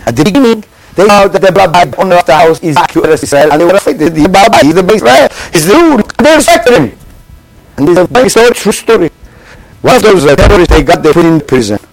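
Impassioned man preaching, lively pitch. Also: quick pace, low-quality recording. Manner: emphatic, repetitive, swings between loud and hushed. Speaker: religious teacher. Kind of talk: impassioned sermon.

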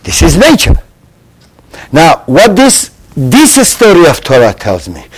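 A man teaching a Torah lesson to a live class. He quizzes his listeners with rhetorical questions and swings between loud emphasis and hushed asides. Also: a little high, wildly swooping pitch, unhurried, slightly rough, low-quality recording. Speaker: religious teacher.

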